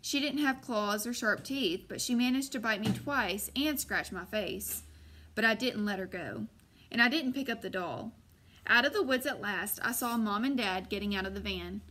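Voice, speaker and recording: A woman narrating a first-person audiobook in a measured way, slowing on suspenseful moments. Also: medium pitch, pushed and bright, a little hiss or hum.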